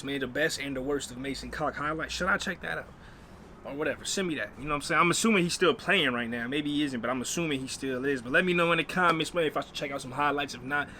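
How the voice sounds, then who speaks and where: A man's voice: on the high side, bright, forceful tone. American guy doing a reaction vid, chill slangy talk, some noise behind him. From United States. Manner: laid-back slangy chatter. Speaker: reaction video host. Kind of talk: casual reaction commentary.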